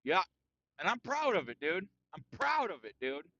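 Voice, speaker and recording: Lively, bright-voiced man ranting crudely. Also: sits high, normal speed, no echo, dull audio. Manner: crude, profane and boastful, peppered with "dude". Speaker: podcast host. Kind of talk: casual solo podcast rant.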